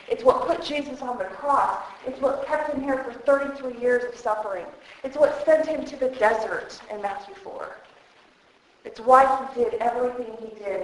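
Animated woman preaching in an echoey hall. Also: fairly high pitch, far from the mic. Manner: animated, emphatic, repeats words for effect. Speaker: retreat speaker. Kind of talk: sermon. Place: hall at a church retreat.

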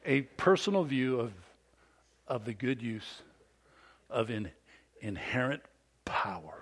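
A middle-aged man preaching a sermon in a conversational storytelling style, moving from loud emphatic bursts to hushed, almost whispered lines. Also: mid-range voice, lively intonation, takes it slowly, breathy edge. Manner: conversational, with restarts and storytelling asides. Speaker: pastor.

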